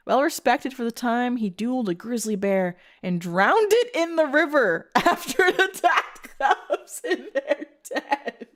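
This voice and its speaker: Giggly woman streamer, lively high voice, unhurried delivery, playful roleplay chat. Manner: giggly, laughs often, reads chat submissions aloud. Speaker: VTuber streamer.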